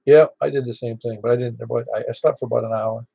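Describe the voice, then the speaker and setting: A man's voice: mid-range voice, steady tone, fast talker, vocal fry, husky, dry recording. A man running a ham radio net, chatting in an easygoing, rambling way with plenty of fillers. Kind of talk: casual radio chat. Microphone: radio transceiver mic. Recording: dull dry lo-fi radio audio.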